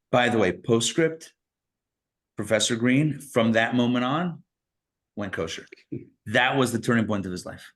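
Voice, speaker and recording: A man's voice: medium pitch, fairly bright tone. A man teaching a live Torah class, telling a story in a loose, conversational way with fillers and restarts.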